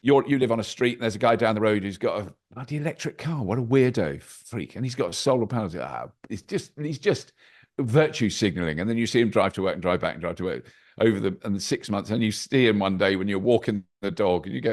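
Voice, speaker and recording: Lively older man with a low voice. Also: fast talker. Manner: animated, anecdotal, with wry asides. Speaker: podcast guest. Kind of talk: casual interview chat. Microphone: video call.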